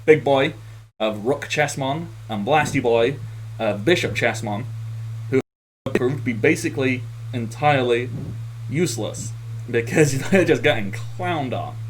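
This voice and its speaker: A man's voice: medium pitch, a little hiss or hum, rough recording. A man running a tabletop game as game master, recapping the last session in a rambling, easygoing way with frequent laughs. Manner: laughs often, rambling with fillers.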